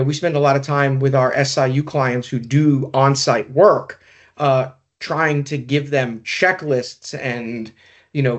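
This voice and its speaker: A man with a slightly raised pitch speaks in a casual, meandering way. He is hosting a podcast and recounts investigative cases with frequent fillers and restarts. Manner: rambling, many "you know" fillers. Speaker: podcast host, former investigator. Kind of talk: casual conversational storytelling.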